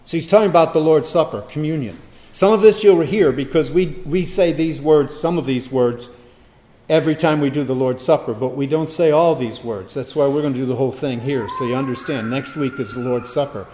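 A man's voice: medium pitch, a little fast, mellow, a little hiss or hum. A man preaching a sermon as pastor, reading scripture with emphatic, dramatic stress.

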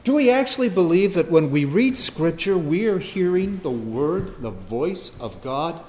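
A man preaching a sermon, firing rhetorical questions and swinging from loud emphasis to quiet asides. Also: a little high, big pitch swings, a little slow, a little hiss or hum.

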